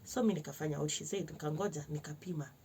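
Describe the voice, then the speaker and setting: A young Kenyan woman telling a personal story to camera in a lively vlog, switching between slangy Swahili and English and acting out other people's lines. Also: sits low, racing, slight background noise. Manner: animated, mixes slang-heavy Swahili with English. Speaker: vlogger.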